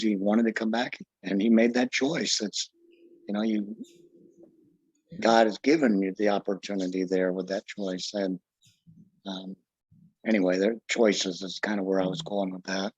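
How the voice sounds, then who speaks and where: A podcast guest speaks in a lowish, husky voice, pausing and restarting as he searches for his words. The audio is dull and muffled, and it sounds dry with no room echo. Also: steady tone, a little mellow. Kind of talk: casual conversation.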